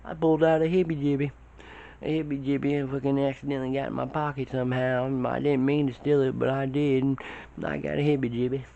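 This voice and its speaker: A man's voice: fast talker, vocal fry. Rambling profane man telling a tall tale. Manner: profane, rambling, pitch shoots up when excited. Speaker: storyteller. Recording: dull lo-fi recording.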